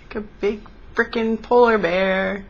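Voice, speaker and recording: A woman's voice: medium pitch, steady tone, measured pace, highs cut off. A woman at home talking to her dog on a home camera, cooing and teasing him. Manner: coos and teases her dog. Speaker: pet owner filming her dog. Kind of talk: casual home video. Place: at home indoors.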